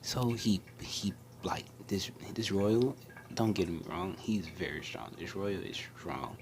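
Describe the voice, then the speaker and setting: Deep-voiced young man hushing through a story. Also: takes it slowly, background noise. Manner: hushed, often half-whispered, rambling with many restarts and fillers. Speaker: anime storyteller. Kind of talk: casual fan-story retelling.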